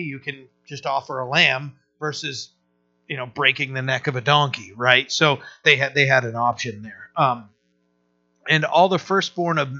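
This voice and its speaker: A man, a pastor, teaching through a Bible passage in a casual, halting way, often restarting and checking in with "right?". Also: a little high, sharp tone, muffled recording.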